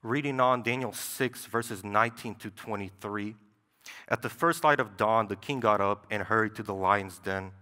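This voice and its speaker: A man's voice: fairly low pitch, normal speed, sharp tone. Young male preacher in a reverberant hall. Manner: conversational, with frequent "right?" asides. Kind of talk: sermon. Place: church sanctuary. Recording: long church hall reverb.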